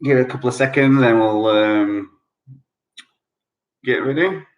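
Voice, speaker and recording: A man's voice: mid-range voice, a little slow, muffled recording. A man hosting an online quiz night from home over a video call. He repeats each clue several times and explains the answers in a chatty, jokey way. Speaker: quiz host. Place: at home during lockdown.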